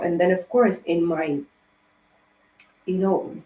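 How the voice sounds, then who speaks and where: A woman's voice: fairly low pitch, steady tone, slow pace, dark tone. A woman giving a tarot card reading in a casual, rambling monologue, talking emphatically and often swearing. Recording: roomy echo.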